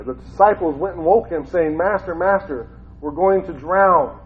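A man from Ohio, a former school teacher, gives an informal Bible talk in a conversational way and often repeats his phrases. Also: on the high side. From Ohio, United States. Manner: conversational, repeats phrases, grows more fervent. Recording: tinny phone-like sound.

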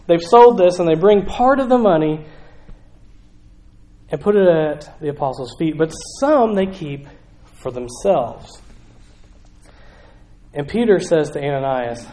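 Animated Southern man preaching, echoey room. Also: high voice. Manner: animated, conversational preaching with acted quotes. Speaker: pastor. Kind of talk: sermon.

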